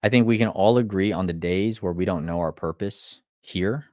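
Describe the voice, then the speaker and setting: A man with a fairly low voice speaks in a blunt, profane live motivational talk. He keeps hammering his listeners with rhetorical questions and trips over restarts when he gets going. The sound is dry and close, with no room echo. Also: normal speed, dark tone. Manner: restarts and stumbles when fired up.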